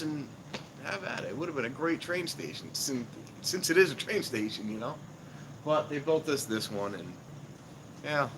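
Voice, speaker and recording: Chatty man rambling outdoors, noisy background. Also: mid-range voice. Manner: chatty, chuckles often between remarks. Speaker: vlogger. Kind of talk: casual rambling storytelling. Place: outdoors at a train station at night. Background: outdoor ambience.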